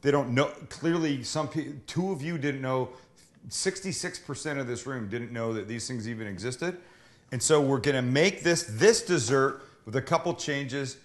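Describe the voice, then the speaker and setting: A man's voice: mid-range voice, moderate pace. Guy hosting a cooking stream, mid voice, jokey and loose, swears a bit. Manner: joking, loose and profane. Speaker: cooking show host. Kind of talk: casual cooking livestream chat. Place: kitchen studio with crew.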